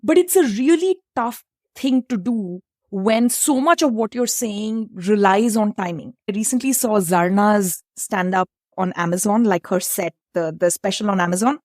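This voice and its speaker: A woman host from India with an Indian English accent, an economics professor who asks thoughtful, measured questions. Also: medium pitch, darkish tone, dry recording, clean studio sound. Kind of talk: interview conversation.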